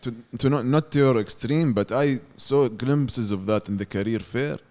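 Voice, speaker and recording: A man's voice: medium pitch, brisk, a little mellow. A man, the podcast host, chatting casually and reacting, mixing Arabic words into English. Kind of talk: casual chat.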